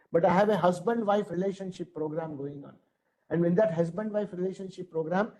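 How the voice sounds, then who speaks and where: A man's voice: high-pitched, mellow, rough recording. A middle-aged man with an Indian English accent, lecturing adults as a trainer in an earnest, emphatic way. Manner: earnest, emphatic, repeats phrases.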